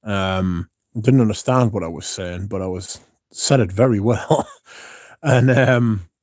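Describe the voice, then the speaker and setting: A man's voice: fairly low pitch, a little slow, a little mellow. A man hosting a casual livestream, rambling through stories and reading out viewer comments to answer them, swearing now and then. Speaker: livestream host.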